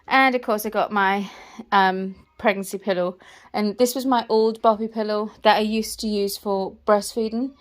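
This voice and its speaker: A woman's voice: mid-range voice, steady tone, moderate pace. Chatty out-of-breath woman vlogging. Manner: chatty, rambling. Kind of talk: casual vlog talk. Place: indoors at home.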